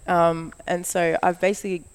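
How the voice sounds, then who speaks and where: In casual conversation, an Australian woman who works as a model tells a long story as a guest, her voice fairly low, clear, and resonant at a normal speed. She animates it by acting out what people said, using "like" a lot.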